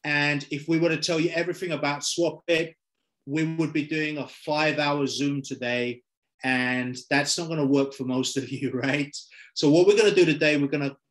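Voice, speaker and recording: A middle-aged man with a London accent presents over a video call, upbeat and salesy, leaning on quick checks like "okay?" to keep listeners with him. His voice sits a little high for a man. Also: a bit bright. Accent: London English. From London, England.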